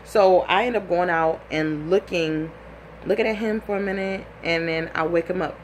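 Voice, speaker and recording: With a lowish voice at a moderate pace and a little background noise, a woman in her twenties recounts something that happened to her. She's animated, blunt and profane, acting out people's words as she goes.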